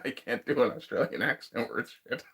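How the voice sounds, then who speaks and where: A man's voice: medium pitch, lively intonation, brisk, gravelly, a bit bright, a little hiss or hum. A man hosting a casual livestream from his woodshed, reading viewer chat in a laid-back, profane way with frequent chuckles.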